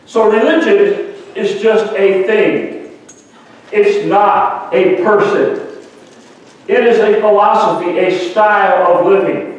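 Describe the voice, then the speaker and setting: Pastor, male, high voice, storytelling sermon, long church reverb, mic at a distance. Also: steady tone, slow pace, a little hiss or hum. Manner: storytelling preacher, rises to shouting refrains. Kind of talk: Easter sermon. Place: large church hall. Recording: echoey church hall from a distance.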